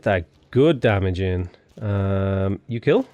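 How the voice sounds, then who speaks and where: A young Irish man giving playful, excitable commentary over a strategy game, full of jokey asides. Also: low voice, takes it slowly, no echo. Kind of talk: casual gameplay commentary.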